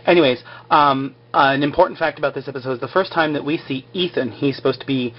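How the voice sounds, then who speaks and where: A man's voice: mid-range voice, quick pace, highs cut off. A man casually recapping a show over his drawings, rambling and filler-heavy.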